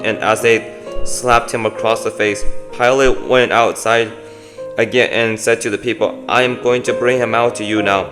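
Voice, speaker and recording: Here a Bible reader with a medium-pitched, fairly bright voice gives a devotional scripture reading. His delivery is marked by frequent slips, with him stumbling and correcting himself in the middle of lines.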